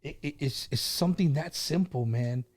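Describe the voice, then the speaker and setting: A man's voice: on the high side, normal speed, darkish tone. Easygoing middle-aged man, casual host. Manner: easygoing, full of fillers like "you know" and "man". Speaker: host of a live stream. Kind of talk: casual live-stream chat and storytelling.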